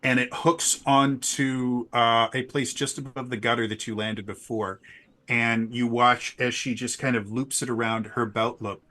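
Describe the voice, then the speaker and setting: A man running a tabletop game as game master, narrating the story in a halting way, with many restarts and fillers. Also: mid-range voice, fairly even intonation, sharp tone.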